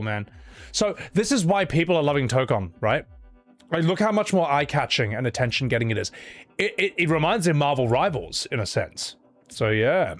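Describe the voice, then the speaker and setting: A male streamer in casual commentary, animated and quick to laugh, with frequent swearing. His voice is on the higher side and swings widely in pitch. Faint music plays behind him.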